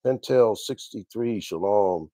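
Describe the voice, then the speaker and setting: A man's voice: lowish voice, takes it slowly, warm tone, no room sound. A man hosting a livestream Bible teaching, greeting viewers one by one by name and often repeating his phrases. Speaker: minister and livestream host.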